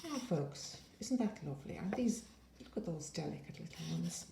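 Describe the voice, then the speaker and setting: A low, gravelly woman rambles cheerfully through a paper-craft flip-through, tossing in playful asides. Her tone is mellow, and the room around her echoes noticeably. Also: lively intonation, moderate pace, slight background noise. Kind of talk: casual show-and-tell flip-through.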